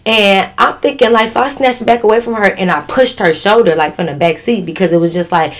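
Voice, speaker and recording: A woman vlogger telling a story in a casual storytime, blunt, profane and animated. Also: medium pitch, brisk.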